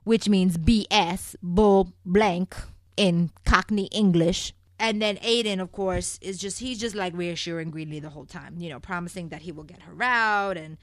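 A woman's voice: on the low side, moderate pace, dry recording. A woman from Puerto Rico chatting in a sassy, gossipy way as she recaps a soap opera, calling her viewers "people". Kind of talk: casual chat.

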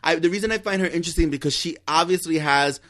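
A man co-hosting a casual chat, animated and opinionated, talking in quick bursts. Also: fairly high pitch. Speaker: podcast co-host.

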